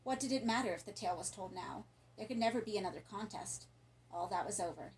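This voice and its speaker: A woman reading a horror story aloud in a calm, even narration. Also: mid-range voice, quick pace, slight background noise, low-quality recording. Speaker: audiobook narrator.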